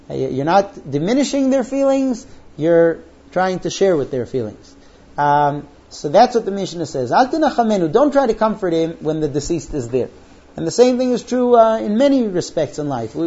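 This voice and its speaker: High-voiced man teaching, lo-fi. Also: warm tone. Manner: anecdotal and humorous, with frequent restarts. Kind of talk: lesson to young men. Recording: dull lo-fi recording.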